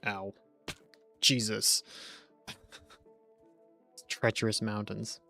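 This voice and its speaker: A young man talks through a live game stream in a loose, chatty, self-joking way. His mid-pitched voice has a lot of vocal fry in it. Faint game music sits quietly behind his desk-mic sound. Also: level tone, very slow. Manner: rambling, chatty, jokey, talks to chat. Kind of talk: casual gameplay commentary on a live stream.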